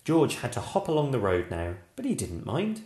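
Male picture-book narrator, very animated, unhurried, echoey room. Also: medium pitch. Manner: slow, lively expressive narration. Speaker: storyteller. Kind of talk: children's picture book read-aloud.

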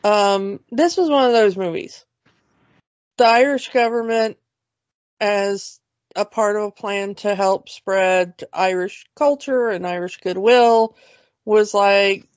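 A woman's voice: medium pitch, takes it slowly, dry recording, muffled recording. A woman co-hosting a casual movie podcast, chatty and rambling, with restarts and laughs. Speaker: podcast co-host.

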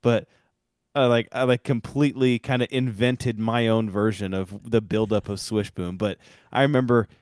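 A man with a fairly low voice, co-hosting a podcast in easy, casual chat. He rambles through his stories with plenty of fillers and restarts. The sound is close and dry. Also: steady tone, normal speed, darkish tone, no room sound. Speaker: podcast co-host.

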